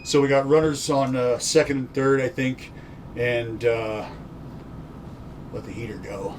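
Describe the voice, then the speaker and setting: A man's voice: mid-range voice, level tone, measured pace. A man hosting a casual chat, telling a story in a laid-back way, swearing freely. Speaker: podcast host, former pitcher. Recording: far from mic with faint noise.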